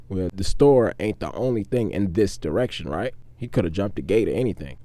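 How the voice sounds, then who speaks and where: A man's voice: low-pitched, expressive, a little fast, hardly any pauses, dark tone, dry recording. A man from Virginia, telling a street story in a laid-back, profane, conversational way. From Richmond, Virginia, US.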